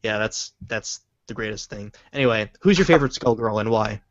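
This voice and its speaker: A man's voice: fairly low pitch, a little fast, no echo. A man in his twenties hosting a casual stream, rambling and hunting for words, swearing casually. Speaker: stream host reading viewer questions. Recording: dull lo-fi dry voice chat.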